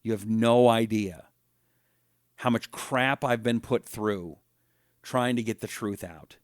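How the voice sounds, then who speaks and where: A middle-aged man hosting a talk show, reading viewer comments aloud in a casual, animated, mocking way. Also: on the low side, slow, dry recording, studio quality. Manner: animated, mocking, mimics voices.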